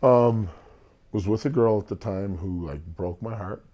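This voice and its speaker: A deep, husky man talks in a mellow, warm tone. He tells his story casually and with animation, acting out what people said to him. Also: normal speed, dull audio. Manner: animated storyteller, acts out quotes. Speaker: singer, interview guest.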